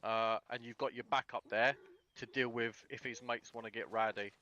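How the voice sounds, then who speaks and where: A man's voice: medium pitch, fairly even intonation, moderate pace, pushed and bright, highs cut off. A man leading a casual tactical briefing, blunt and sweary, acting out example dialogue. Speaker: instructor.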